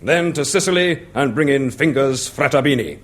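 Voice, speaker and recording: A man's voice: mid-range voice, expressive, normal speed, fairly bright tone, slight background noise, natural voice. A man playing a commanding spymaster who hands out assignments in a 1960s radio comedy sketch. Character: brisk male spymaster, the hero's superior.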